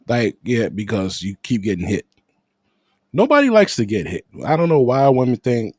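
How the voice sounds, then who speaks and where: A man's voice: medium pitch, huge pitch swings, moderate pace, no echo. A man hosting a reaction commentary, blunt and crude with heated asides. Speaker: reaction host.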